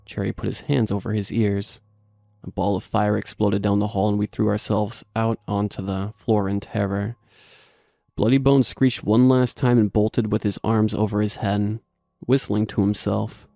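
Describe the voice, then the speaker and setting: A man narrating a horror story in a steady scripted delivery. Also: fairly low pitch, moderate pace, vocal fry, no room sound, clean studio sound, soft background music.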